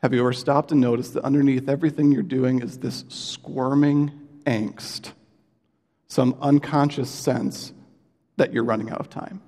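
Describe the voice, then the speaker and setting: A man's voice: medium pitch, fairly even intonation, moderate pace, warm tone. A man preaching a sermon in an earnest, conversational way, with many fillers and restarts. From United States. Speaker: pastor. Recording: long hall reverb.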